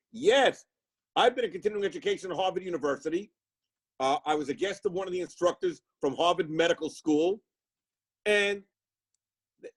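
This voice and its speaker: A man in his sixties delivers a fiery motivational talk to fellow chiropractors. His voice sits high for a man, and he drives each point home with repetition and preachy fervor. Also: slightly rough, low-quality recording. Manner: fiery, preachy, repeats words for emphasis. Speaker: chiropractic coach; live show guest speaker. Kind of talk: impassioned motivational speech.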